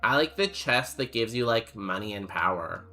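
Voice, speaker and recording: A young man streams a game and chats casually with his viewers in a rambling, jokey way packed with fillers, reading chat while he plays. His voice is lowish, bright and forceful, with lively intonation at a moderate pace, and soft music plays in the background.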